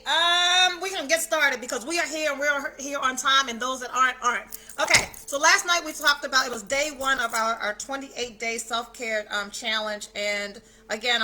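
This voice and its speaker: Lady doing a self care livestream at home, chatty and gushing, loud hellos to everyone, sharp bright voice. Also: sits high. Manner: effusive, greets viewers by name; chatty, with loose swearing. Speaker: self-care challenge host. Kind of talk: casual livestream chat. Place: at home, indoors.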